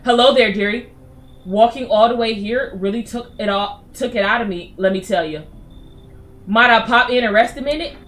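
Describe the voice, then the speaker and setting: A woman's voice: on the high side, moderate pace, a bit bright, lightly acted. A woman voicing a weary, sweet but pushy old woman visitor who keeps calling people dearie. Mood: coaxing. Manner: calls everyone dearie, chatty and coaxing.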